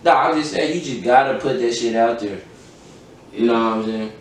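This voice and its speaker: A man's voice: mid-range voice, fairly quick. Profane young man, echoey far-off mic. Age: young adult. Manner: profane, emphatic, recounting events with quoted dialogue. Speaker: podcast host. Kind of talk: casual storytelling chat. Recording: very echoey room, distant mic, faint noise.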